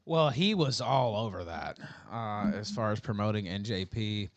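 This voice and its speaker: A man's voice: on the low side, animated, moderate pace, dry recording, dull audio. A man hosting a livestream, chatting casually and reading super chats with a wry, laughing manner. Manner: wry, laughs while telling stories. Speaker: livestream host.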